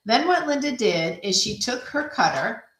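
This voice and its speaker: A woman's voice: on the high side, big pitch swings, normal speed, noisy background. A woman hosting a casual card-making demonstration, chatting and thinking aloud as she works, poking fun at herself. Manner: chatty, self-deprecating, thinks aloud while working. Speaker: craft video host. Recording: echoey room.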